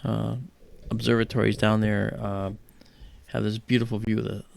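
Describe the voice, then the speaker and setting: A man's voice: on the low side, level tone, normal speed, gravelly, no echo. A middle-aged man hosting an astronomy livestream, chatting casually and rambling with lots of "you know".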